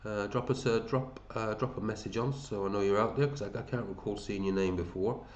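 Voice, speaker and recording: A man's voice: fairly low pitch, a little fast, echoey room, highs cut off. A man hosting a fantasy football league, chatting casually and matey as he runs through scores and thinks aloud. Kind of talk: casual commentary over a screen.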